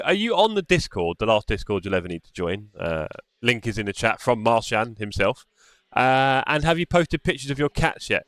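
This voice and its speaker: A man's voice: on the low side, fairly bright tone. A man hosting a live sim racing stream, chatting casually, teasing and reading the chat aloud. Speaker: stream host.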